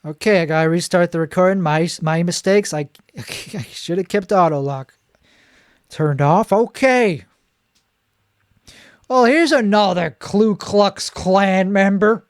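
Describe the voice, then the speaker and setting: A male comedian in a solo monologue, rambling in a deadpan way and correcting himself mid-sentence. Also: high voice, takes it slowly, smooth, no echo, clean studio sound.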